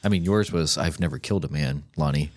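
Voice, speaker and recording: Deep-voiced man, easygoing chat. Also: fast. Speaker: podcast co-host. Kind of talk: casual chat.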